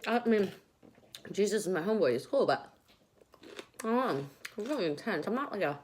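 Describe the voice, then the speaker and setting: A woman's voice: mid-range voice, lively intonation, fairly quick, darkish tone, slight background noise. Chatty woman rambling while eating. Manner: rambling, chatty, talks between bites. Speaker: vlogger. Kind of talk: casual eating vlog chat. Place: home, at a table with dogs nearby.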